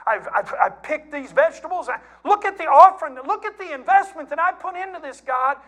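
A man's voice: very high-pitched, animated, brisk, fairly bright tone, pitched above the performer's own voice. A man preaching who voices a proud man bragging about his own labor and offering. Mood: boastful. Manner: boastful, self-congratulating.

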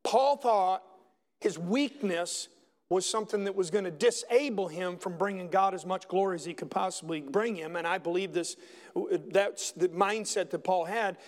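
High-voiced preaching man in a hall. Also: normal speed. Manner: preaching, rising to emphatic high passages. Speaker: pastor. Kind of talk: sermon.

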